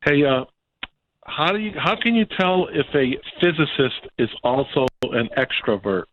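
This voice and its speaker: A man's voice: on the high side, big pitch swings, measured pace, a crowd in the background. A man calling into a radio show, talking casually and tossing in slang. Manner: casual, uses slang like "bro". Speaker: caller. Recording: thin phone line.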